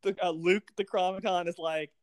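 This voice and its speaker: A man in casual chat recapping a TV episode, animated, acting out the characters' lines and laughing often. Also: high voice, moderate pace, dry recording. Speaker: podcast co-host recapping a TV episode.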